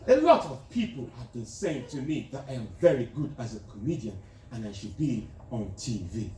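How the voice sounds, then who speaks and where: A stand-up comedian with a medium-pitched voice, big pitch swings, and a moderate pace performs live in a large theater as a pompous, crude, self-styled dictator president, boastfully teasing the audience in a lightly acted delivery. A distant mic catches echoey theater sound and a loud crowd.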